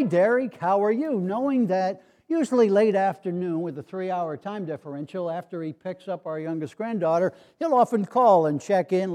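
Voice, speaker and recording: A retired older pastor delivers his sermon in a high, mellow voice. He tells stories with gentle humor and puts on voices for the people he quotes.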